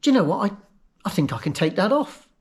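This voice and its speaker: Brief: man putting on a curt female nurse, high and clipped, with a British accent. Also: sing-song, fast, breathy edge, full character voice. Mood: breezy.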